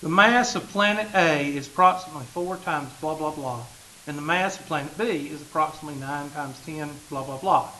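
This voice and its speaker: A man's voice: fairly high pitch, brisk, pushed and bright, slight background noise, low-quality recording. A man, a math teacher talking casually and joking with his class in a classroom. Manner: joking, folksy, talks straight to the class.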